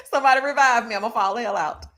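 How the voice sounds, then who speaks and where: A woman hosting a casual reality TV recap livestream. She talks straight to her viewers, reads their chat aloud, and bursts into loud laughs. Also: on the high side.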